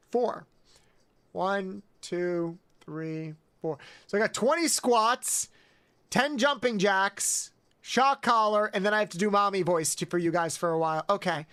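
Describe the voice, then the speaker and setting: Male streamer talking slow, yelps and swears a lot at chat. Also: high-pitched, clear, resonant tone. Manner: excitable, swearing, yelping outbursts. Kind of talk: live game stream chat.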